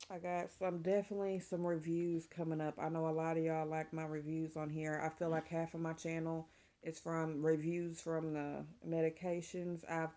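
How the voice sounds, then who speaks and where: A middle-aged woman talks casually to her viewers, chatty and openly emotional. Her voice sits on the low side with a gravelly, creaky edge. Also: warm tone. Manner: chatty and emotional, saying y'all. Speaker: vlogger. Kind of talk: casual chat to camera.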